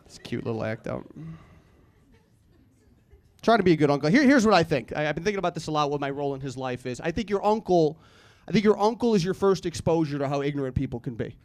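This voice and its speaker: A man's voice: a little high, lively intonation, fast. A man in his thirties doing a rambling stand-up comedy set, self-deprecating and acting out the people he quotes. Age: 30s. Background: audience laughter.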